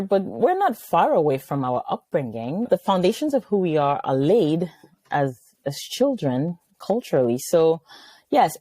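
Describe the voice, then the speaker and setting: A middle-aged woman from Nigeria talking as a psychiatrist guest, her pitch low yet swinging widely as she tells stories. Her tone is mellow and dark, and the sound is dry and close. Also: no echo. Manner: animated, storytelling, acts out quoted voices. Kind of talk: conversational interview.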